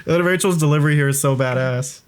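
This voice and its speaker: A young man giving excited, rambling commentary on his own video, swearing freely and laughing often. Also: a little high, fast talker, clear, resonant tone.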